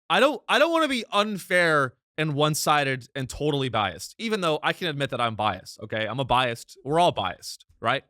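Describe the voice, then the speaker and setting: A young man hosting a comedic podcast, commenting sarcastically on a clip and ranting in loud bursts. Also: mid-range voice, clear, resonant tone, no echo, clean studio sound. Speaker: podcast host.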